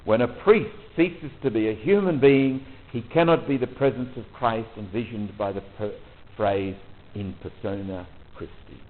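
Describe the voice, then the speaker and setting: A man leading a retreat talk for priests, relaxed and conversational, often pausing with ums and restarts. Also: on the low side, slight background noise. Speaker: retreat leader. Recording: tinny phone-like audio.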